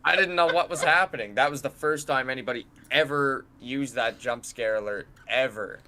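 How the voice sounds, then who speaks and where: A young man with a bright, forward voice chats on a casual podcast. He tells stories with energy, slips into other people's voices for quotes, and swears freely. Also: medium pitch, moderate pace. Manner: animated storytelling, acts out quotes, swears. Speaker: podcast co-host and streamer. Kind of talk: casual chat.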